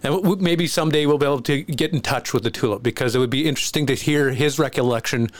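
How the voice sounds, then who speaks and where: A man co-hosting a podcast, chiming in with quick jokes and comments. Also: medium pitch. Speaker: podcast co-host. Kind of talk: casual chat.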